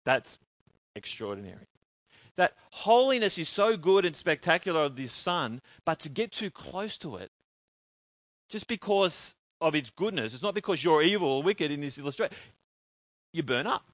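A man preaching a sermon, in an animated way, asking his congregation questions and answering them himself. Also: a little high, moderate pace, dry recording.

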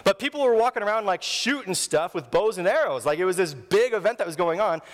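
A man in his thirties preaching a sermon in a church, telling stories with animated delivery and acting out the voices he quotes. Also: sits high, fast, long reverb tail. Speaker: pastor. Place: church sanctuary.

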